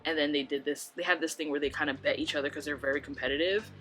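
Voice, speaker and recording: Young woman, casual home vlog chat, chatty and rambling, slightly low-pitched. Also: steady tone, fast, fairly bright tone, soft background music. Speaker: book vlogger. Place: home room by bookshelves.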